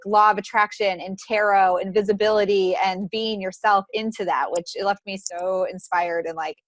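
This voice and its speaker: A woman's voice: medium pitch, dry recording. A woman hosts a casual podcast interview, her talk loose and full of restarts. The recording is close and dry, with no room sound. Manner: chatty, many fillers and restarts, laughs often. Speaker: podcast host.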